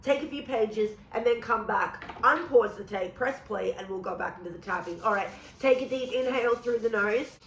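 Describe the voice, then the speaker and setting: A woman with a New York accent, guiding an EFT tapping session with calm, measured affirmations for the listener to repeat. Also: on the high side, slight background noise. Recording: roomy echo.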